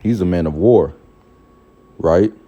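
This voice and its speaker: Male preacher, very low and mellow, loose conversational sermon, lo-fi sound. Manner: casual, repeats "all right" and "man", pauses to look up verses. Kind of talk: informal scripture teaching.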